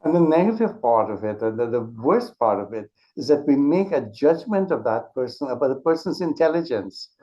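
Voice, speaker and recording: A man with a warm, medium-pitched, sing-song voice talks at a moderate pace with hardly any pauses. He's an author and speech teacher appearing as an interview guest, patiently and earnestly explaining his points with examples and often restarting sentences. The recording is dull and lo-fi.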